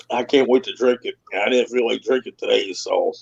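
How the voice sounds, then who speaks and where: Gravelly laid-back man on a dull line. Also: medium pitch, fairly even intonation, normal speed, slight background noise. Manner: laid-back, chuckles often. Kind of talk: casual chat.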